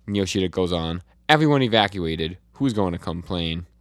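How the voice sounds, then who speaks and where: A man's voice: low-pitched, steady tone, fairly quick, darkish tone, no echo, clean studio sound. A man co-hosting a podcast, casually recapping comic chapters and reading out the dialogue with fillers and restarts. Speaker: podcast co-host.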